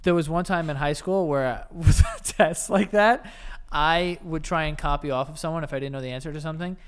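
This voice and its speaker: Guy on a podcast, bit of a high voice, blunt slangy banter, cusses a lot. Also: brisk, clear, resonant tone. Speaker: podcast co-host. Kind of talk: casual chat.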